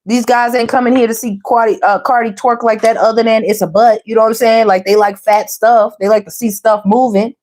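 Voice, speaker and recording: A woman giving a casual tarot reading, sassy and animated, full of slang and calling the viewers "baby" and "y'all". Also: a little high, fairly quick, few pauses. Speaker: tarot reader.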